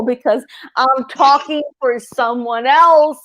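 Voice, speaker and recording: Female livestream host, medium; emphatic and profane, higher voice, dry close sound. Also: moderate pace, a bit bright, dry recording. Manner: emphatic, swears freely, repeats herself. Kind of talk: casual livestream chat.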